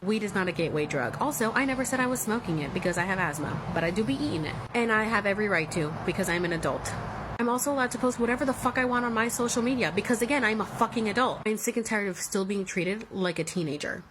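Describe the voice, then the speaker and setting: A woman's voice: mid-range voice, animated, fast talker, background noise. A woman in her thirties telling her own story in a candid vlog, emotional and blunt, swearing freely. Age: 30s. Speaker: vlogger.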